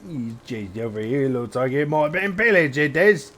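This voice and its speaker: A man voicing an excitable male merchant in a fantasy game with a put-on British accent, high and sing-song. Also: moderate pace, close to an everyday voice. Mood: excited.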